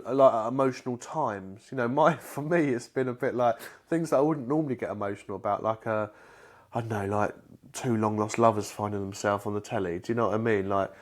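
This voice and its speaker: A man co-hosts a casual podcast chat. He talks in halting bursts, restarts his sentences often and swears freely. His voice sits at an ordinary pitch for a man. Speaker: podcast co-host.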